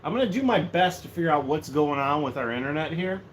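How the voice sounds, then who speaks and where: A man's voice: on the high side, fast talker. A man chatting casually and jokily on a livestream from a room at home, rambling from one thing to the next. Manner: rambling, joking, animated. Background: faint heater hum.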